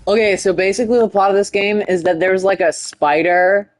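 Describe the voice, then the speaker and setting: Rambling gamer doing a mock British accent. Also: female voice, medium pitch, steady tone, a little fast. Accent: put-on British. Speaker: gaming YouTuber. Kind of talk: comedic gameplay commentary.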